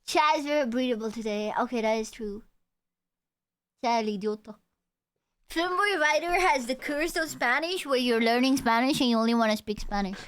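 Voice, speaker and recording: A young woman chats casually with her live-stream audience. Her voice is clear and smooth and sits a little high. She rambles loosely, trailing off and restarting as she thinks aloud. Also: animated, brisk, fairly bright tone. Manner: chatty, talks to chat, trails off and restarts.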